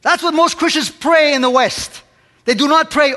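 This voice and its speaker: High-voiced preacher in a ringing hall. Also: male voice, normal speed, sharp tone. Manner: impassioned, fires rhetorical questions at the congregation. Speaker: pastor. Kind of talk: sermon.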